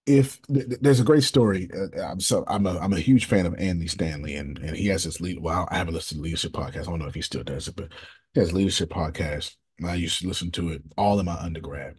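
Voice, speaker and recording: A middle-aged man telling a story in a casual talk, quick to restart his sentences. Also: deep voice, a little mellow, slightly rough.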